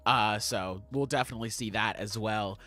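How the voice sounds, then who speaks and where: A man's voice: fairly low pitch, normal speed, bright, forceful tone. A young man hosting a podcast, chatting casually and acting out scenes with swearing and laughter. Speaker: podcast host. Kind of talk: casual chat.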